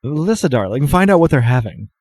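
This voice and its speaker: A man's voice: medium pitch, sing-song, brisk, a little mellow, dry recording, pitched above the performer's own voice. A man voicing a flamboyant, doting male bartender in a tabletop game, theatrical and fond. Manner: theatrical, doting, calls everyone darling.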